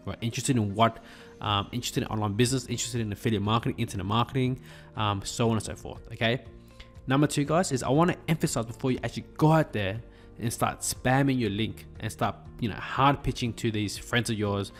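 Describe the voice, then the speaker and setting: A quick, chatty man walks through an online marketing lesson in a loose, conversational way. His pitch sits in an ordinary middle range, and faint music plays behind him. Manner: chatty, acts out bar small talk. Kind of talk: casual tutorial talk.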